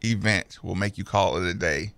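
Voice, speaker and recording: A man's voice: low-pitched, normal speed, vocal fry, very noisy. A man hosting a radio show in casual chat, telling stories animatedly. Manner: animated storyteller. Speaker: radio host.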